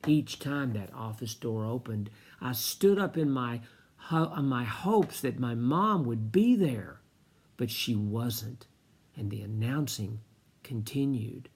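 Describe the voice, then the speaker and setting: A man from the United States telling a personal story slowly and with feeling, often dropping to a whisper. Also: medium pitch, lively intonation, slightly rough.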